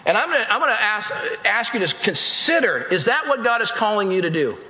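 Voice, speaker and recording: A man's voice: sits high, very animated, brisk, sharp tone. A male pastor delivering an emphatic sermon in a church, repeating phrases and speaking straight to the congregation. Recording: echoey hall with long reverb.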